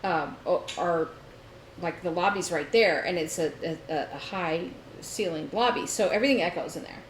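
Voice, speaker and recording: Animated woman telling a story in a roomy space. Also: fairly low pitch, normal speed. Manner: animated storyteller, laughing often. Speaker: podcast co-host. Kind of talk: casual chat. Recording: roomy echo, faint noise.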